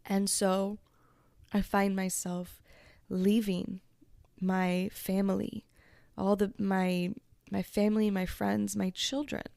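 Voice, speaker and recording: A woman hosting a podcast, telling a personal story in a slow, reflective and emotional way, at times close to tears. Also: medium pitch, level tone, vocal fry, a little mellow, no echo. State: tearful. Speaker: podcast host.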